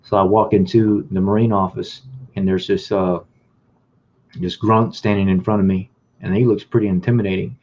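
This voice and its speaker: A man's voice: on the low side, flat delivery, normal speed, darkish tone. A man casually telling his own life story in a rambling way, acting out the dialogue he remembers. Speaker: vlogger. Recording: dull lo-fi recording.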